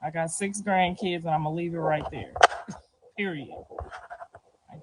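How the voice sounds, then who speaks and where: A woman's voice: on the low side, noisy background. A middle-aged woman answering interview questions in a loose, slangy way, often checking in with "you feel me". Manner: loose, slangy talk with frequent "you feel me" and soft laughs. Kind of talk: casual street interview.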